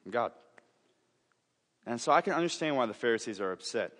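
A young man delivers a sermon in a sincere, chatty way, stumbling into restarts and little asides as he goes. His voice sits at an ordinary middle pitch. A long reverb from a large hall trails behind his words. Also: expressive, very fast, a bit bright. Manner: earnest, conversational, with frequent restarts and asides. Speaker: preacher.

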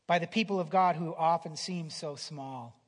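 A man preaching a sermon in a conversational way, restarting phrases and swinging from loud emphasis down to a near whisper, in a church hall. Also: on the high side, moderate pace. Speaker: pastor. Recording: long hall reverb.

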